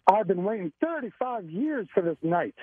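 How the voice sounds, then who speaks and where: A man's voice: high voice, very animated, normal speed, breathy edge, dry recording. A man calling in to a radio show, rambling and stammering with emotion. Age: 40s. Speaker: caller. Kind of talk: excited call-in chat. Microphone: telephone. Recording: tinny phone line.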